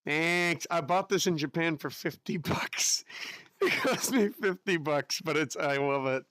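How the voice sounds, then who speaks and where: A man's voice: a little high, a little slow, fairly bright tone, dry recording. A man from the United States chatting casually with his live-stream audience in a chatty, giggly way, with an unusual voice. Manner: chatty, giggly, reacts to chat.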